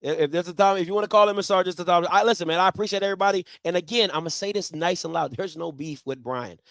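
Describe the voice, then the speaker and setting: A very high-voiced man hosts a live stream, hammering points home by repeating himself and swinging from loud to soft. The sound is dry and close to the mic, with no room echo. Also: steady tone, very fast. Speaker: live show host. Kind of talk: animated live-stream talk.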